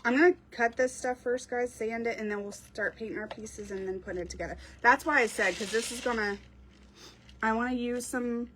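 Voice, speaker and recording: A woman's voice: fairly high pitch, fairly bright tone. Woman, casual crafting chatter, talks to viewers mid-project, faint clicks and noise behind. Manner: chatty, reads out and answers viewer comments while working. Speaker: craft creator. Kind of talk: casual crafting livestream chat.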